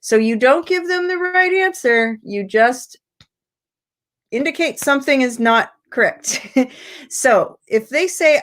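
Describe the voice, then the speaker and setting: An American woman teacher trainer giving an online lecture, patient and explanatory, her pitch jumping up when she acts out prompts. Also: expressive, measured pace, fairly bright tone. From United States.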